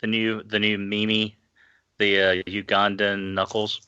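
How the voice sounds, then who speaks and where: A lowish but bright, forceful man rambles through a story on a group podcast. He breaks into chuckles. His mic sounds dull and lo-fi. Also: monotone, a little slow, smooth. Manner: rambling, laughs while telling a story. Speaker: podcast co-host. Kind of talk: casual group chat.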